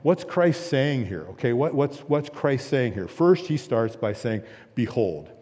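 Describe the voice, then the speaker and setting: Mellow-voiced pastor preaching in an echoing hall. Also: male voice, medium pitch, expressive, a little slow. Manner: earnest, emphatic with repeated phrases and rhetorical questions. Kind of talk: sermon. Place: church sanctuary. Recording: long reverb of a church hall.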